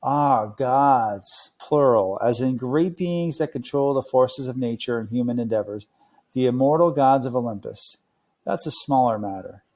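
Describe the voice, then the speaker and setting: A man's voice: medium pitch, a little slow. A man reading aloud, voicing a patient, kindly older male teacher in a storybook. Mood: explaining. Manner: gentle, explaining.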